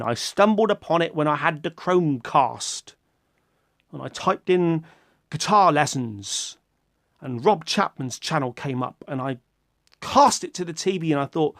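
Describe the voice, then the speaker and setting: A British man rambles to his viewers in a casual vlog, poking fun at himself and swearing offhandedly. His voice sits fairly high for a man, and it bursts into loud, animated exclamations. The sound is close and dry, with no room echo. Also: unhurried. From Britain. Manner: rambling, self-mocking, with sudden loud animated outbursts. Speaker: YouTuber.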